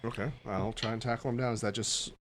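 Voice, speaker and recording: A man with a lowish voice plays a tabletop game in casual chat. He is eager and talks through each move aloud as he makes it. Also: steady tone, quick pace, a bit bright, slight background noise. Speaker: player.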